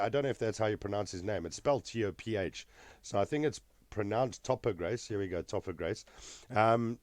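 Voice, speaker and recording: A man's voice: lowish voice, darkish tone, no echo. A man hosting a casual movie reaction video, talking in a rambling way with many fillers and restarts.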